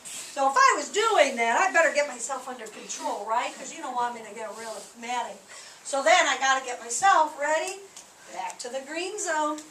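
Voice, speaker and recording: A high, bright-voiced woman teaching a class of small children, acting out each feeling with big swings in her voice. She is caught from far off in a roomy, echoing hall. A faint hum sits behind her. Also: animated, moderate pace. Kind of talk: classroom lesson to young children. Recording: echoey room recorded from a distance.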